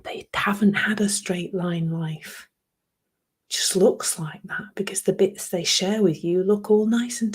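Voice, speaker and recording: A woman hosting a reflective solo podcast in a soft, emotional way, often laughing and dropping into whispers. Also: medium pitch, slightly rough. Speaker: podcast host.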